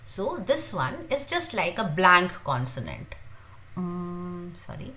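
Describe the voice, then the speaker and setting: Woman teacher, lowish voice, halting delivery with fillers, faint room hum behind. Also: big pitch swings, bright, forceful tone. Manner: repeats each sound slowly many times. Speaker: language teacher. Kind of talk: beginner pronunciation lesson.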